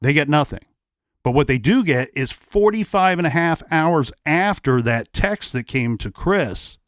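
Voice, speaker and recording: A man's voice: on the high side, no echo, studio quality. Man recounting a true crime timeline. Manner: lays out a timeline in measured, deliberate steps. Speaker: podcast co-host. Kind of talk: true crime podcast narration.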